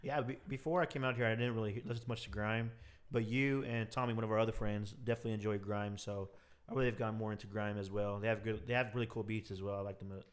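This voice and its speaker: A young man hosting a podcast, chatting casually and asking relaxed, agreeable questions. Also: lowish voice, quick pace. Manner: relaxed, agreeable interviewer, short backchannels. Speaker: podcast host. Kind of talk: casual chat.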